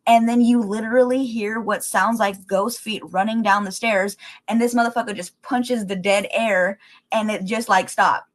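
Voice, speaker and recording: A woman hosting a casual livestream, rambling excitedly with lots of fillers and the odd swear as she thinks aloud to her viewers. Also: mid-range voice, moderate pace. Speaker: livestream host.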